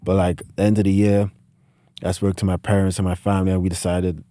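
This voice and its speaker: Low-voiced young British man, rambling. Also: flat delivery, fast talker, dark tone, no room sound, clean studio sound. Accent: British, partly Americanized. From United Kingdom. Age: late teens. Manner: rambling, heavy use of "like" fillers. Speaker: podcast guest, student athlete. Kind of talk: casual interview storytelling.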